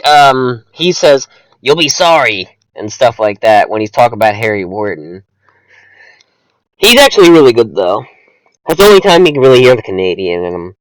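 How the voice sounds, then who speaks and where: A man's voice: lowish voice, fairly bright tone, dry recording, poor audio. A young man co-hosting a casual movie review chat, rambling with many fillers and restarts. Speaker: podcast co-host.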